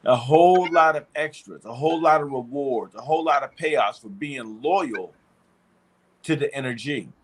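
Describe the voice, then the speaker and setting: A man's voice: mid-range voice, normal speed, slight background noise. A man co-hosting a casual chat show, hyped and preachy, who builds his lines out of rhythmic repetition. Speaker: co-host.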